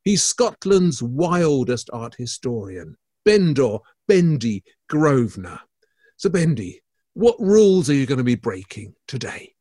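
A man's voice: mid-range voice, sing-song, unhurried, mellow, breathy edge, no echo, studio quality. A man co-hosting an art podcast, bantering in a playful, theatrical way with his co-host.

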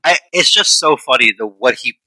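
A man with a very bright, forceful voice raves during a casual chat about films. He trips and restarts as he gushes. The recording is dry and close. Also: medium pitch, expressive, moderate pace, no room sound, low-quality recording. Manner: enthusiastic, gushing, stumbling over words. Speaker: podcast co-host. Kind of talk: casual movie review chat.

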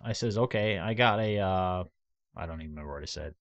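Lo-fi man telling animated stories. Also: sits low, fast. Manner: animated storyteller, acts out both sides of calls. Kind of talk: casual storytelling chat.

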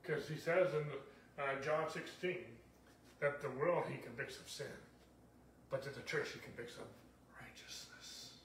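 A man's voice: on the high side, measured pace, long pauses, fairly bright tone, roomy sound, recorded from a distance, a little hiss or hum. A male pastor preaching a sermon in an emphatic, repetitive style, with frequent "okay?" checks to the congregation.

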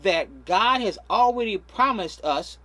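Male pastor delivering a sermon with an animated, husky voice that leans hard on each key phrase. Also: high voice, unhurried, no room sound. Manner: emphatic, stretching key words, frequent repeats.

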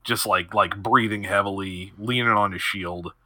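Lowish, bright-voiced rambling male player. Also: fairly even intonation, normal speed, dry recording. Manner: rambling, filler-heavy. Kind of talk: casual tabletop role-play. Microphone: online voice call.

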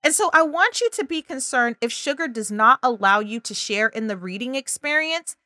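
A woman's voice: on the high side, animated, normal speed, bright, forceful tone, no echo, clean studio sound. A woman talking parents through early reading and language signs, acting out child and parent voices now and then. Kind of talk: parenting advice video.

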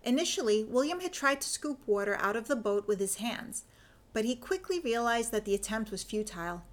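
A woman narrating a fan fiction story in an even, measured reading voice. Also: fairly high pitch.

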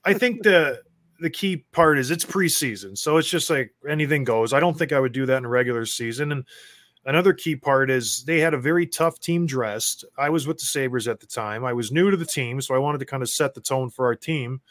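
A man, a former hockey enforcer, telling stories as a guest in a casual chat and getting loud as he acts out his own rants. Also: mid-range voice, fairly quick, dry recording, studio quality. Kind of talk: casual storytelling.

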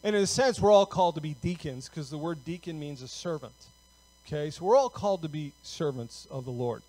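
A man's voice: on the high side, animated, a little fast, dark tone, rough recording. A male pastor giving a sermon in a conversational way, often checking in with "okay?" and filler words.

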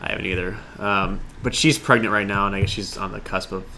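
A man's voice: on the low side, steady tone, quick pace, pushed and bright, a little hiss or hum. A man co-hosting a podcast, earnestly retelling a story in casual conversation. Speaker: podcast co-host. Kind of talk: casual chat.

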